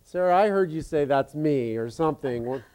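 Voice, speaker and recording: A man's voice: on the high side, animated, normal speed, warm tone. A man preaching as pastor to his congregation in a casual, joking way, with many fillers and restarts.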